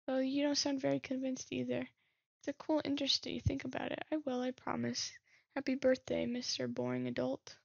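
A woman with a high, gravelly, husky voice reads game messages aloud and chats about them as she plays. She speaks in a fairly flat tone, close to a dry, dull-sounding mic. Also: no room sound. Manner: reads messages aloud, muses and laughs at herself. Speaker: gaming streamer. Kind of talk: reading game text aloud with commentary.

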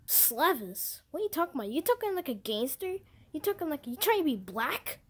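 A woman playing Mario's puzzled friend, high voice. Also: big pitch swings, a little fast. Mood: confused. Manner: confused, indignant questioning. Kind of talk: amateur fan movie voice acting.

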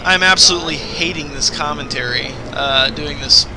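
A man's voice: fairly high pitch, normal speed, background noise. A man in his twenties doing casual after-the-fact game commentary, rambling and swearing as he tells stories. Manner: rambling, profane storytelling. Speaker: gameplay commentator. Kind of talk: casual let's-play commentary, recorded after play.

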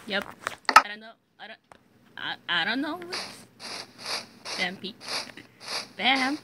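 A woman's voice: mid-range voice, lively intonation, takes it slowly, very noisy. A woman with a sore throat hosting casual let's-play commentary, giggling, rambling and repeating words as she plays. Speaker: gaming channel host. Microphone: phone mic.

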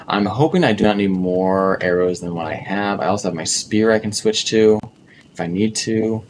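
This male gaming streamer from North America has a fairly low voice and talks at a normal speed, with a bit of background noise in the clip. Playing a survival game on stream, he keeps up a casual running commentary, addressing both himself and the creatures and frequently repeating words.

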